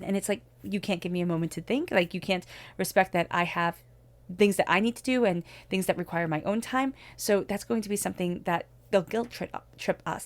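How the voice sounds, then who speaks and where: A woman giving a spoken tarot reading, talking in an earnest, reflective way as she offers spiritual guidance. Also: on the low side. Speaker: tarot reader.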